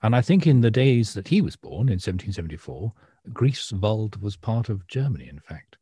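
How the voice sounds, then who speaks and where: A man with a Northern English accent, co-hosting an art podcast in a dry, somewhat hesitant, deadpan way. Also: fairly low pitch, moderate pace, breathy edge, dry recording. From northern England. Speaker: podcast co-host, art historian. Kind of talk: bantering podcast chat.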